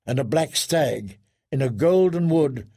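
A man narrating a grim story in a slow, measured audiobook reading. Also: medium pitch, animated, warm tone. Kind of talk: scripted narration.

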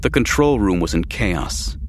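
Male narrator, low voice, steady audiobook reading, faint background noise. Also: unhurried. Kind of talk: scripted narration.

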